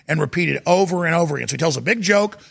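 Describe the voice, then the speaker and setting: A middle-aged man hosting a talk show, ranting and mocking, sometimes rising to a shout. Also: a little high, lively intonation, rapid-fire, creaky. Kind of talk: heated political talk show monologue.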